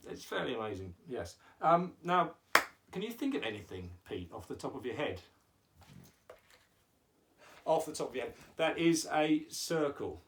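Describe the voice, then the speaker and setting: A man with a fairly high, sing-song voice hosts a playful children's lesson on shapes with puppets, speaking at a moderate pace. He is patient and teacherly, using exaggerated emphasis. The mic is distant and there's slight background noise.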